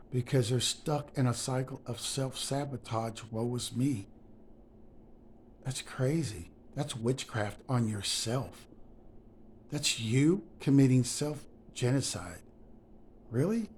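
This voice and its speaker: A man's voice: mid-range voice, a little mellow, a little hiss or hum. A man talking straight to his viewers in an emphatic, preachy motivational monologue, often calling them guys. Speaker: motivational speaker.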